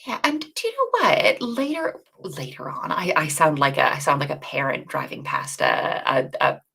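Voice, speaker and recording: A woman co-hosting a coding bootcamp livestream, chatty and self-deprecating with quick asides. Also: low voice, wildly swooping pitch, vocal fry, sharp tone, breathy edge. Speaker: bootcamp co-host. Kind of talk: casual livestream teaching chat.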